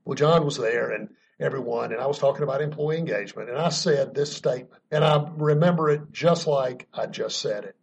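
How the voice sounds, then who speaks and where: A man's voice: mid-range voice, fairly quick, creaky, few pauses, slight background noise. A man telling a story in an earnest, emphatic way, chuckling now and then, as a guest being interviewed about leadership. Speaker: podcast guest speaking on leadership.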